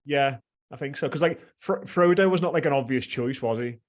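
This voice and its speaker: A man's voice: mid-range voice, fairly quick. Male panelist, tentative and casual, mid-range voice. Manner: hesitant, heavy use of "like". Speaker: podcast panelist. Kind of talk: casual chat.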